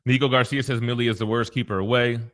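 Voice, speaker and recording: A man's voice: medium pitch, flat delivery, fast, a bit bright. Give me a man hosting a casual talk show in a mid-range voice. He is easygoing and teasing and laughs often. He reads viewer comments aloud between his own takes. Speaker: host.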